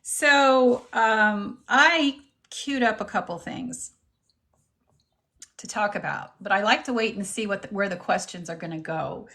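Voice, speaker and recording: A woman's voice: medium pitch, measured pace, pushed and bright. A woman reverend hosting a casual live stream, greeting viewers by name and chatting while she eats lunch. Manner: talks while eating lunch. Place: at home with her dog.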